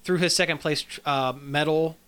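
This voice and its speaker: A man's voice: fairly high pitch, steady tone, moderate pace, a bit bright, clean tone. A man co-hosting a gaming podcast, telling stories in a rambling way with many fillers and restarts. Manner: rambling, filler-heavy storytelling. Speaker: podcast co-host. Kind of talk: casual chat.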